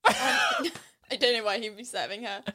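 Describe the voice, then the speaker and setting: A woman's voice: a little high, wildly swooping pitch, normal speed, bright, forceful tone, breathy edge. A woman co-hosting a casual podcast chat about a film, giggling and acting out quotes. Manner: chatty, giggly, acts out quotes. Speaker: podcast co-host.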